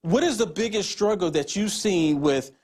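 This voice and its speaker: A man hosting an interview, asking long rambling questions with many halting restarts. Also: high-pitched, lively intonation, a little mellow, breathy edge. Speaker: interviewer host.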